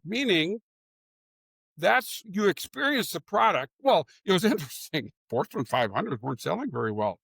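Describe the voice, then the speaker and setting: An older man with a fairly high voice tells stories in a casual interview, often backing up to restart a sentence. The sound is dry and close, with no room echo. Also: expressive, moderate pace, vocal fry, a bit bright. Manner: storytelling with frequent restarts. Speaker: guest, former executive. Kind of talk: conversational interview.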